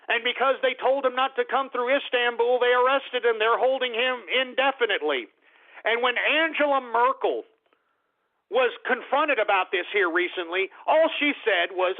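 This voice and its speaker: A man's voice: very high-pitched, lively intonation, normal speed. A man hosting a talk radio show, ranting angrily and profanely and asking "all right?" over and over. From United States. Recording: tinny phone-like radio audio.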